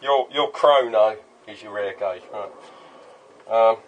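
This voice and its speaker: A man's voice: lowish voice, takes it slowly, muffled recording, slight background noise. Rambling man in a workshop. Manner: rambling, goes off on tangents, swears casually. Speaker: workshop owner making custom paintball guns. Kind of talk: casual workshop vlog. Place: workshop with a milling machine.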